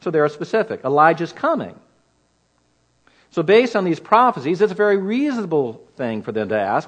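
A man's voice: on the high side, very animated, a little fast. A man teaching through a Bible passage in an earnest, emphatic way, often asking rhetorical questions. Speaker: preacher.

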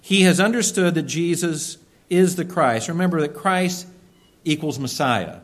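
A man preaching a sermon, earnest and emphatic, slowing down to stress key words. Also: a little high, expressive. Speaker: pastor.

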